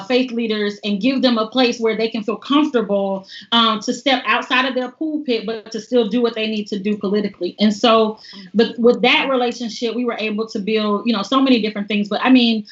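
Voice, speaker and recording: A woman, a guest on a livestream interview, telling stories in an animated way and laughing often. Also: on the high side, dull audio. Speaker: voting organizer guest. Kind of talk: casual interview storytelling.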